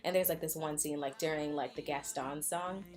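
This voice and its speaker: A woman's voice: deep voice, steady tone, normal speed, darkish tone, soft background music. A young woman recapping a film in a loose, rambling vlog chat, full of likes and fillers. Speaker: vlogger. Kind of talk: casual movie recap chat.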